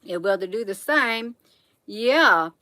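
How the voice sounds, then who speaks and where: A woman's voice: mid-range voice, lively intonation, slow pace, bright, forceful tone, no room sound, poor audio. A middle-aged woman hosting a casual livestream, reading proverbs aloud and chatting folksily with viewers, calling them honey. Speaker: livestream host.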